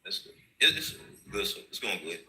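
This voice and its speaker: A man's voice: lowish voice, big pitch swings, a little fast, sharp tone, rough recording. A man calling into a live stream, hesitant and questioning, with many fillers. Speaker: caller. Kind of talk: casual live chat.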